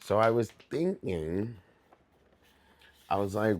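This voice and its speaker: A man's voice: on the low side, expressive, slow pace, pauses often, darkish tone. A young man chatting casually on a livestream as he works on his art, telling rambling stories full of swearing and loose asides. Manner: rambling, profane, loose storytelling. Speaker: artist livestreaming.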